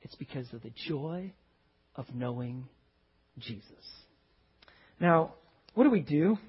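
A man preaching a sermon, telling a story with animated swings from loud exclaims to hushed, tender lines. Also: fairly high pitch, slow pace, slightly rough, lo-fi sound. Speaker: pastor.

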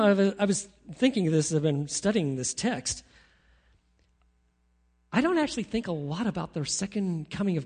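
A man preaching a sermon to his congregation, swinging between loud emphatic lines and quiet asides. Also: high voice. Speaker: pastor.

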